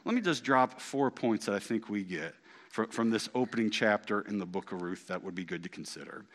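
A middle-aged male pastor preaching a sermon, animated and emphatic. He repeats key phrases and swings from loud to hushed. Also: fairly high pitch, normal speed.

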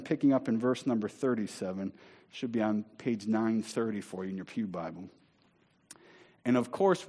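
A man preaching a sermon in a church, speaking emphatically and slowing down to stress key words. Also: medium pitch. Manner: emphatic, rising to near-shouting on scripture. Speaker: pastor. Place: church sanctuary.

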